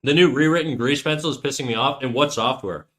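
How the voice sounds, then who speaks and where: A man's voice: mid-range voice, fast talker, fairly bright tone. A man chatting casually on a livestream while he draws, joking and playfully defiant as he argues with his chat.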